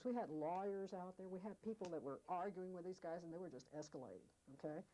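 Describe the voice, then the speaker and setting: Oral history interviewee, female, low mellow voice, lively storyteller who quotes people. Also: fast talker, slight background noise, low-quality recording. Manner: vivid storyteller, acts out quoted speech. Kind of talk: storytelling recollection.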